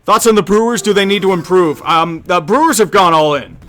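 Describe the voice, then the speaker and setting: This young man's voice sits high, with a fairly bright tone and lively intonation, as he casually chats during a game stream. He answers viewers in a meandering, sarcastic manner and is quick with a joke.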